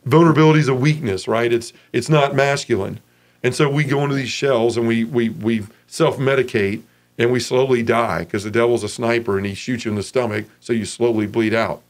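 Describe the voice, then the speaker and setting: Man telling an animated testimony. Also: a little fast. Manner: animated, acts out others' voices with raised pitch; earnest and emotional. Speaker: interview guest. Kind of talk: personal testimony storytelling.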